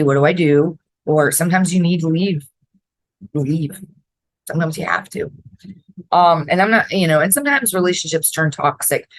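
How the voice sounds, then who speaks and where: A woman's voice: sits low, no room sound, poor audio. A woman from Florida with a mix of New York and Southern accent, hosting a casual advice podcast in a blunt, direct way and swearing freely. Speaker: podcast host.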